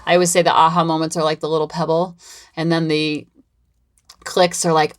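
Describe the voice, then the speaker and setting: Chatty lower-voiced woman podcast host. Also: level tone, fairly quick, long pauses. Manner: chatty, rambling and upbeat, with lots of repetition. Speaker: parenting coach and podcast host. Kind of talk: casual solo podcast talk.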